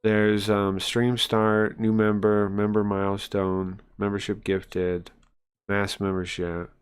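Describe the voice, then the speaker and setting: A man's voice: on the low side, level tone, takes it slowly, clean tone. A man casually reading a comic aloud on a live stream, explaining it in a rambling way with many fillers.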